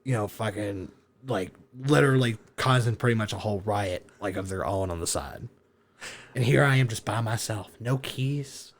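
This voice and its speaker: A man, a podcast guest, telling a story in a casual chat, animated, swearing and laughing as he goes. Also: on the low side, normal speed. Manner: animated, profane, laughing through his story.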